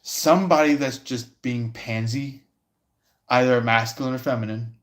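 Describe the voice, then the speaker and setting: A man giving a casual livestream tarot reading, rambling with many pauses and fillers. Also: medium pitch, steady tone, a bit bright. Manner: rambling, lots of fillers and restarts.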